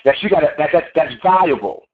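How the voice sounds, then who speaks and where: A little high-pitched and a little fast, this male network marketing trainer sounds animated as he delivers a sales training pep talk. He is emphatic and preachy, hammering his key phrases again and again, and the audio comes through a tinny phone line.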